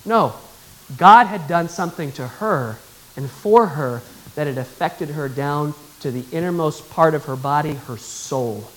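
High-voiced male preacher, emphatic. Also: expressive, measured pace, a bit bright, low-quality recording. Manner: emphatic, calls for congregation response. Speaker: pastor. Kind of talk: sermon.

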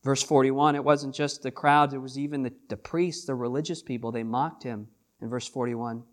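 A man preaching a sermon as pastor, swinging between hushed lines and loud, drawn-out emphasis. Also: medium pitch, steady tone.

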